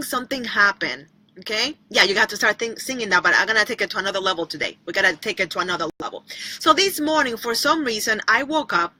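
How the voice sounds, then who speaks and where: Bright-voiced woman giving an upbeat devotional talk. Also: fairly high pitch, no echo, poor audio. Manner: chatty, repetitive, addresses viewers by name; breaks into short bits of singing. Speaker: online devotional speaker. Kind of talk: inspirational livestream talk.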